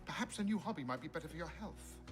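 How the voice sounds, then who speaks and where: A man's voice: a little high, animated, fast, over music, natural voice. An actor playing a formal, stern guardian in a game who scolds his young ward. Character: stern male guardian, firm and proper.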